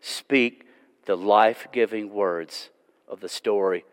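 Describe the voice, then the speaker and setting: A man preaching a sermon in a church, earnest and pleading, his delivery swinging from loud to hushed. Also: fairly low pitch, slow, clean tone. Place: church sanctuary. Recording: long church reverb.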